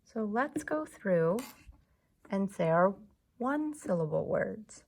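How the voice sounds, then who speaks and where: Slow, gravelly woman teaching young children. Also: medium pitch, animated. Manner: slow, patient, clapping out syllables. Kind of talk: classroom lesson for young children.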